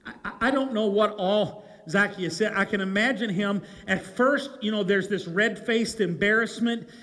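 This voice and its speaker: A man preaching a sermon, telling the story with animation and swinging from loud calls to hushed, low lines. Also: unhurried. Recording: long hall reverb.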